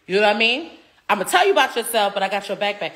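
A woman in her thirties, a reality TV cast member, chatting casually in an interview at a restaurant table, animated, swearing freely and laughing often. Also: medium pitch, very fast, slight background noise. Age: 30s.

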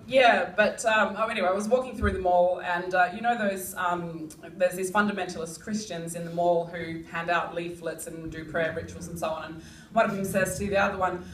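A woman's voice: lowish voice, steady tone, brisk. A young Australian woman doing a stand-up comedy set, rambling and giggly, with lots of "like" and "um". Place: comedy club. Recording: echoey club mic heard from far off. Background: audience room noise.

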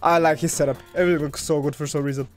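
A man giving excitable live commentary over his own gameplay, talking to his viewers and swinging from loud hype to low muttering. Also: rapid-fire. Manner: talks to viewers as "guys". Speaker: gaming video creator.

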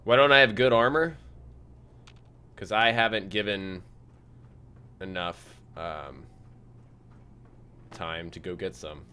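A man's voice: low-pitched, slow, long pauses, clear, resonant tone. Casual male game streamer chatting. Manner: relaxed, reads chat aloud, frequent fillers. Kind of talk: casual live-stream chat over gameplay.

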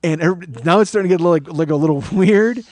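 A man in his forties telling a profane, animated story as a podcast host. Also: sits high, fast, dry recording. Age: 40s. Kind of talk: storytelling monologue.

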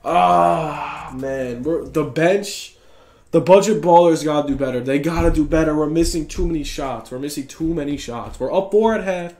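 A young man giving excited, trash-talking commentary over his own basketball video game play. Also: on the high side, normal speed. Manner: hyped, trash-talking, reacts loudly to every play. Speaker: gaming YouTuber.

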